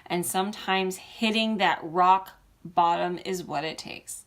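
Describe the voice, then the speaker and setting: Earnest woman vlogging, bright voice, kinda emotional, pep talk to the camera. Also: lowish voice, unhurried. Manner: earnest, encouraging, direct to viewer. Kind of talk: heartfelt motivational vlog talk.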